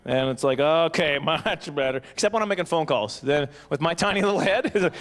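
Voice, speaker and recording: A man's voice: on the high side, expressive, fairly quick, hardly any pauses. A man performing a rambling, self-mocking stand-up comedy set at a banquet, jumping into silly voices. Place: banquet hall stage.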